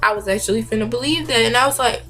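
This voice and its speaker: A young woman vlogger telling a story in a casual, slangy, animated way, acting out what people said. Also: fairly high pitch, racing, soft background music. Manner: animated, slangy, acts out quotes. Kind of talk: storytime vlog.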